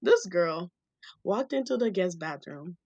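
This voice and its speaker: A young woman co-hosting a podcast, telling a family story in animated casual chat, acting out the voices she quotes and laughing often. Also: lowish voice, a little slow, muffled recording, a little hiss or hum. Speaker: podcast co-host.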